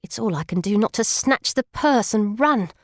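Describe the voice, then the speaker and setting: A woman's voice: medium pitch, animated, moderate pace, dry recording, studio quality. A woman narrating an audiobook in first person, in an emotional street-kid voice.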